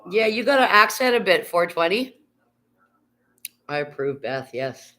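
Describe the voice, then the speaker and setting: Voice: mid-range voice, very animated, a little slow, sharp tone. A live streamer in casual chat, rambling and reading viewer comments aloud, talking from bed into a phone held in hand. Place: at home, lying in bed.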